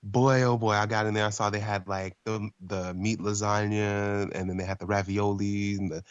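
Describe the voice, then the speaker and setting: A young man on a podcast, telling a story in a lively casual way, swearing freely. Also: fairly low pitch, moderate pace, dry recording, dull audio. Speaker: podcast co-host.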